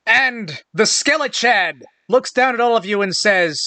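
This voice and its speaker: A man's voice: high-pitched, lively intonation, measured pace, few pauses, pushed and bright, no echo. A man narrating a tabletop game as game master in a loose, casual way.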